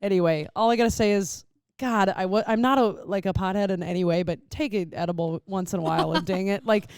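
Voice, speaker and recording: A woman's voice: medium pitch, fast, clean tone, no room sound, studio quality. A young woman co-hosting a podcast, telling stories in casual chat with lots of fillers. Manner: animated storyteller, lots of "like". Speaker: podcast co-host.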